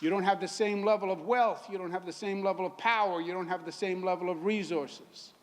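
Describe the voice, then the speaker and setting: A man's voice: high voice, fairly even intonation, a little fast, big-room sound. A man in his sixties with a Queens New York accent gives an emphatic, folksy public speech to a crowd at an outdoor event. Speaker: governor.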